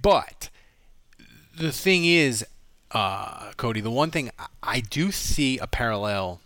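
A man hosting a sports podcast, giving quick, opinionated analysis in a casual chat. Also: medium pitch, lively intonation, a bit bright, no echo. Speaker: podcast host.

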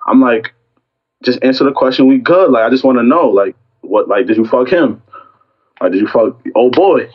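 A young man casually telling a story about a fight with a girlfriend, acting out both sides with lively quoted lines. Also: medium pitch, normal speed, breathy edge, lo-fi sound. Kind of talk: casual chat.

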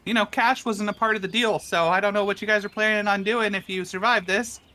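Brief: man putting on a whiny, stammering, wealthy complainer, pitched up and bright. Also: fairly even intonation, a little fast, slight background noise. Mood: anxious. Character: fussy rich male guest, indignant complainer.

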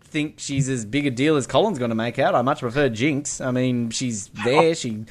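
A man in a loose, chatty film talk, rambling from point to point with plenty of ums. Now and then he slips into playful voices. His pitch sits in an ordinary middle range. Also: moderate pace, slight background noise. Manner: rambling, many ums, bursts into playful impressions. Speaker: podcast co-host. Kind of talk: casual film review chat.

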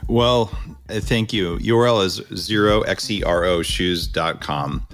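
A man hosting a podcast interview, enthusiastic and quick to thank his guest. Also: low voice, a bit bright, soft background music. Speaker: podcast host.

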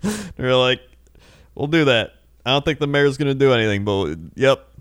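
A man's voice: mid-range voice, lively intonation, normal speed, clear, resonant tone, no echo, studio quality. A young man chatting casually on a podcast, telling stories with laughs and acting out the people in them. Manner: laughing storyteller, acts out quoted people. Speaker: podcast co-host. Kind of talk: casual chat.

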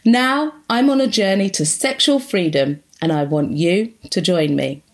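A woman's voice: medium pitch, measured pace. Playful woman hosting a podcast. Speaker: podcast host. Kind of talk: casual interview.

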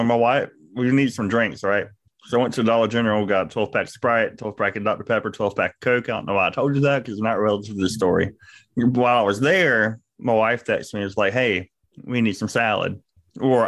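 A man's voice: lowish voice, a little fast, fairly bright tone, dry recording. A young man with a Southern accent and a lisp, telling a rambling story at speed as a podcast co-host, laughing and swearing often. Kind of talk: casual chat.

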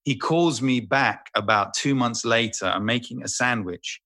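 A man telling a casual, animated, self-deprecating story as an interview guest, swearing freely. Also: medium pitch, unhurried. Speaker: voice actor guest.

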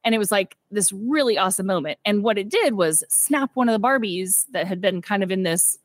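A woman's voice: medium pitch, lively intonation, brisk, dry recording. A woman co-hosting a movie podcast, chatting enthusiastically and rambling with lots of filler words. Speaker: podcast co-host. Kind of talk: casual movie-review chat.

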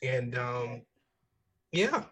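A man's voice: mid-range voice, very animated, extremely slow, fairly bright tone, slightly rough, rough recording. A man co-hosting a podcast in casual, joking chat with loose slang. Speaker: podcast co-host.

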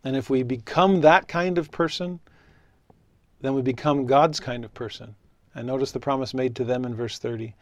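A man's voice: mid-range voice, steady tone, normal speed, no echo. Earnest middle-aged male preacher, dry sound. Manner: earnest, conversational, voice drops softly at phrase ends. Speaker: preacher and religious teacher. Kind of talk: sermon with storytelling.

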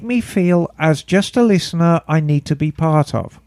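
A man's voice: on the high side, moderate pace, few pauses, a little mellow, no room sound, studio quality. A man co-hosting a podcast, reading a listener email aloud and breaking in with playful jokey asides. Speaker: podcast co-host.

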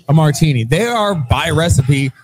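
A man's voice: on the high side, lively intonation, normal speed. A man co-hosting a podcast in casual chat, joking and crude, tossing in silly accents. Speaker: podcast co-host.

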